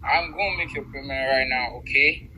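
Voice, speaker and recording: A man on a phone call, evasive and pleading, repeating himself to calm the other person down. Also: medium pitch, normal speed. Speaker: caller.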